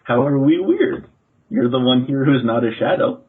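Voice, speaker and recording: A man's voice: medium pitch, expressive, normal speed, slightly rough, voice pushed up. A man voicing a small shadow boy who answers in a matter-of-fact, puzzled way. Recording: tinny phone-like audio.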